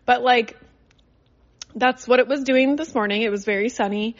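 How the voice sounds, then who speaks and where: A woman's voice: fairly high pitch, moderate pace, dull audio. A young adult woman from Canada hosting a podcast in a casual, chatty, rambling way with lots of fillers. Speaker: podcast host. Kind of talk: casual solo chat. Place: in a car.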